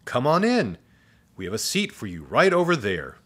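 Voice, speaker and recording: A man voicing a friendly, cheerful woman teacher in a storybook read-aloud, with a bright sing-song voice. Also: mid-range voice, big pitch swings, normal speed, pitched above the performer's own voice. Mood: sweet, cheery.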